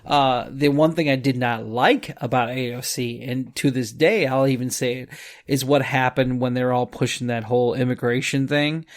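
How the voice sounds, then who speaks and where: A man co-hosting a podcast, ranting casually and swearing as he gets animated. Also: mid-range voice, normal speed. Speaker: podcast co-host. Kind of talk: late-night casual rant.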